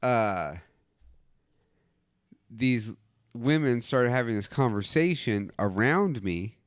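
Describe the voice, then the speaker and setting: A man's voice: mid-range voice, lively intonation, takes it slowly, clear, resonant tone, dry recording. A man co-hosting a casual podcast, telling a rambling, profane story into a close studio mic. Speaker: co-host.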